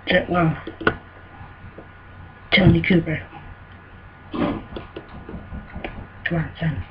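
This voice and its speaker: A man giving excitable let's play commentary, scolding himself and shouting exclamations as he plays. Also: on the high side, extremely slow. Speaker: gamer. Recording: dull lo-fi recording with faint noise.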